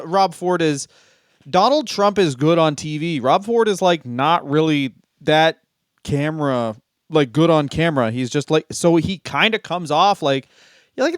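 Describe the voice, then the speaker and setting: Smooth-voiced joking man co-hosting. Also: on the high side, dry recording, clean studio sound. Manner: profane, joking, laughs often. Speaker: comedy podcast co-host. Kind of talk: casual comedic chat.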